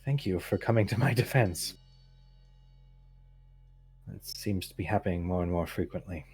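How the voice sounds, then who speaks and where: Courteous temple priestess, voiced by a male game master, formal and apologetic, gently hesitant. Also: low-pitched, normal speed, soft background music. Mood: gentle. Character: patient, polite female temple priestess.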